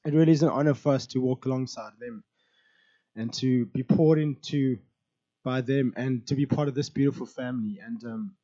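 A hoarse man introducing himself to a church, earnest and laughing easily. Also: on the high side, dark tone, lo-fi sound. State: hoarse, voice low. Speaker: new church staff member.

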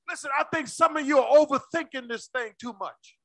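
A male pastor preaching a sermon with call-and-response, swinging between shouts and low asides. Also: brisk, no room sound.

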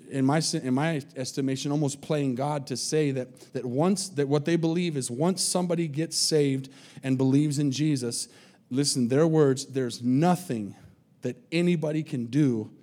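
A man's voice: mid-range voice, mellow. A man preaching a sermon as pastor, earnest and pleading, often repeating words as he restarts his sentences.

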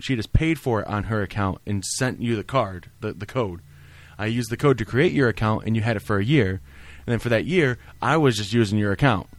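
A man's voice: fairly low pitch, dry recording. A man in a casual chat with his family, laughing easily and explaining things at length. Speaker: vlog host.

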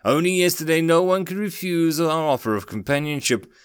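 A man voicing a haughty, ageless high elf who talks in a melodic, high, condescending way. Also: expressive, fairly quick, clear, resonant tone, dry recording, studio quality, lightly acted.

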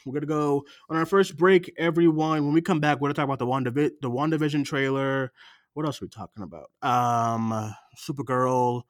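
A man co-hosting a film podcast in casual chat, animated and swearing, acting out movie lines between bursts of laughter. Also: mid-range voice, brisk, no echo, clean studio sound. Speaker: podcast co-host.

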